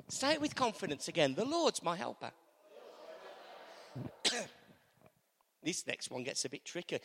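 A man's voice: high-pitched, wildly swooping pitch, unhurried, long pauses, fairly bright tone, long reverb tail. A man preaching a sermon in a church, leading the congregation in call-and-response and repeating key lines.

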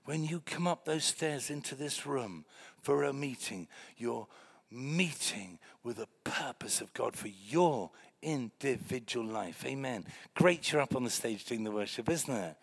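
An older man preaching a lively, joking sermon in a church meeting room, swinging between loud exclamations and hushed remarks. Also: mid-range voice, unhurried, gravelly, few pauses, breathy edge.

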